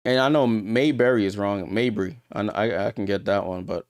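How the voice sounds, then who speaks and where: Man, live watchalong host, smooth clear voice, dry close sound, casual play calls. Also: fairly low pitch, moderate pace, few pauses, no room sound. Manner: chatty, talks straight to viewers, gets louder on big plays. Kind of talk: casual live game commentary.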